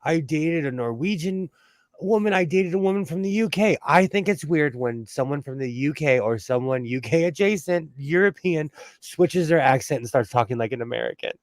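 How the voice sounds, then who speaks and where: Casting note: laid-back Southern California guy, slightly high voice, close and dry, rambling livestream host. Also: moderate pace, no echo. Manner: chatty, animated storytelling with laughs. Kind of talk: casual livestream chat.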